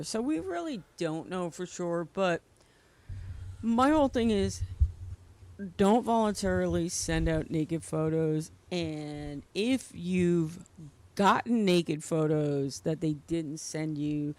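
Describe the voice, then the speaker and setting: A woman's voice: lowish voice, slow, darkish tone, no room sound. A woman hosting a casual podcast chat show, talking freely and laughing often.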